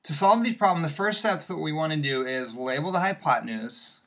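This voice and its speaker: A man's voice: fairly high pitch, a little fast, fairly bright tone. A male math teacher walking patiently through worked examples in a recorded lesson, step by step with occasional fillers.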